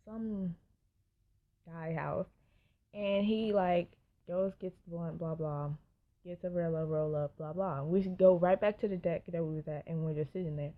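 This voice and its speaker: Chatty young woman telling a story. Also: fairly low pitch. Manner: chatty, animated storytelling with laughs and asides to viewers. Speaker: vlogger. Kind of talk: storytime vlog. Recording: dull lo-fi sound.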